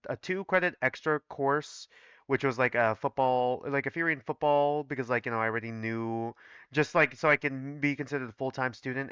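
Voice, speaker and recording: Bright-voiced man rambling casually. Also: mid-range voice, clear, resonant tone, no echo, muffled recording. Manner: rambling, filler-heavy, chatty. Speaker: reaction video host. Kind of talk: casual reading reaction.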